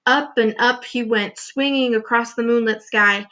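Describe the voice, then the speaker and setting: A woman teacher reading a children's book aloud with expressive, clear storytelling. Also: on the high side, a little slow.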